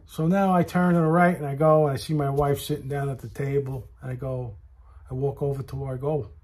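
A man's voice: mid-range voice, little pitch movement, brisk, darkish tone. A man telling a story in a casual rant, aggrieved and talking straight to the listener. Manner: aggrieved, talks straight to the listener, repeats himself.

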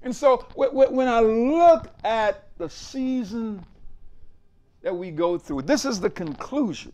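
A man's voice: very high-pitched, expressive, slow pace, dark tone. A man preaching a sermon as pastor, emphatic and repetitive, with call-outs like rhetorical asides to the congregation.

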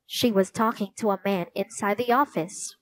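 A woman reading a children's storybook aloud in slow, clear narration. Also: medium pitch. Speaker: storybook reader.

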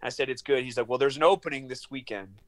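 A man in his thirties on a video call from his small studio apartment, telling a long story in an animated, profane way and acting out the dialogue. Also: mid-range voice, fast talker. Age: 30s. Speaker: guest, professional fighter. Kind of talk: casual storytelling interview.

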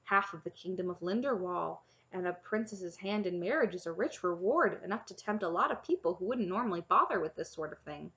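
A woman's voice: fairly low pitch, animated, fairly quick, hardly any pauses, a bit bright, dull audio. A woman narrator voicing an earnest, naive young male knight who talks hesitantly and is easily let down. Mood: earnest, puzzled. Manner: hesitant, eager, easily crestfallen.

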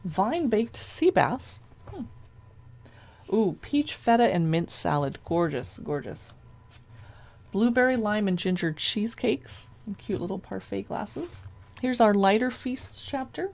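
A woman casually flipping through a cookbook, chatty and gushing as she reads dish names aloud, with a gravelly edge to her voice. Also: medium pitch, lively intonation, a little slow, darkish tone. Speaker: cookbook reviewer.

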